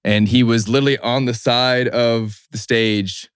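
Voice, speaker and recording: A man's voice: mid-range voice, fairly even intonation, measured pace, clear, resonant tone, no room sound, studio quality. A young man from New Mexico, a hat maker and guest, telling stories in a laid-back, slangy way. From New Mexico, USA. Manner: laid-back, slangy, acts out quoted people. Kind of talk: casual storytelling.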